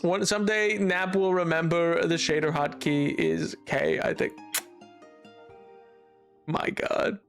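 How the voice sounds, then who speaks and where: A man's voice: fairly high pitch, level tone, slow pace, creaky, pauses often, a bit bright, faint music behind. A man streaming a game and chatting casually with his viewers, rambling and often restarting his sentences. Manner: rambling, frequent restarts and stammers. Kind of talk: casual chat with stream chat while gaming. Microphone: headphones on while streaming.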